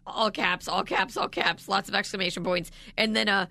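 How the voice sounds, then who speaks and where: A woman's voice: medium pitch, fairly even intonation, moderate pace, gravelly, pushed and bright. A woman co-hosting a morning radio show, chatting and laughing with big swings in her voice. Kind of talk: casual morning radio banter.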